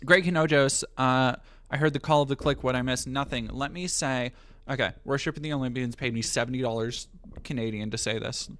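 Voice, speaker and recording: A man's voice: medium pitch, fairly even intonation, brisk, hardly any pauses, a bit bright. Profane, joking male streamer. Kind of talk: casual live-stream chat.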